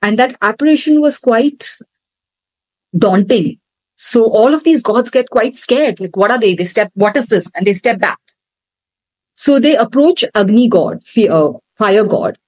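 A woman instructor retelling a scripture story in an animated storytelling manner during a lesson. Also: on the high side, unhurried, no room sound, poor audio.

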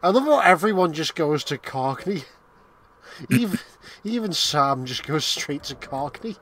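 A man's voice: a little high, sing-song, a little slow, fairly bright tone. A man trading jokes and swearing freely while playing a co-op game on stream. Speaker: co-op gamer on stream. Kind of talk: casual gaming banter.

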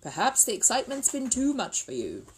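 A woman voicing a sensible middle-aged father who talks in a measured, reasonable way. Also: fairly high pitch, huge pitch swings, slightly rough, pitched above the performer's own voice, heavily acted, poor audio. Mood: calm.

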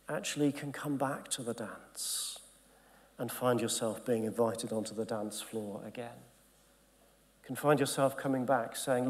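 A man's voice: mid-range voice, steady tone, measured pace. A man, a bishop giving an earnest Bible teaching to gathered clergy, sometimes dropping to a near-whisper. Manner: earnest and emphatic, drops to a near-whisper at times, acts out quoted voices. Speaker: bishop leading a Bible study. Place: conference hall.

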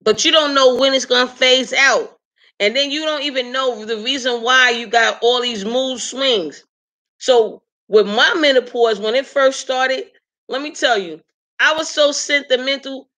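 A woman in her late forties hosting a live stream, chatting casually to her viewers with animated emphasis and frequent laughs. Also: high voice, unhurried. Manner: animated, emphatic, talks straight to the audience; laughs often while telling stories.

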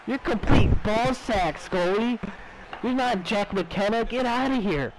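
Shouty boastful young man gaming. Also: high-pitched, unhurried, noisy background. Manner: boastful, shouty trash talk. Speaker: gamer. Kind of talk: casual gaming banter.

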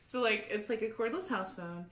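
A young adult woman, an artist guest, telling a story in an excitable, rambling way with frequent laughter and fillers. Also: mid-range voice, normal speed. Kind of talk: animated storytelling. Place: art studio. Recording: roomy, distant mic, faint ambience.

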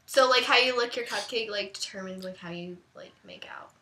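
A woman's voice: mid-range voice, fairly quick, bright, forceful tone. A teenage girl vlogging, chatting playfully with a friend and giggling between lines. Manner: giggly, playful, talks in fits and starts. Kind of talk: casual chat.

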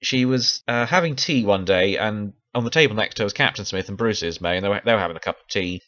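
A man's voice: on the low side, fast, a bit bright, lo-fi sound. A man chatting casually about a TV miniseries, laughing often and restarting his sentences. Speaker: video essayist. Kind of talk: casual chat review.

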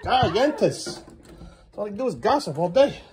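A man's voice: high voice, big pitch swings, moderate pace, noisy background. A man in his thirties at home filming a casual family vlog, coaxing his small children playfully and muttering asides. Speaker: father filming his kids.

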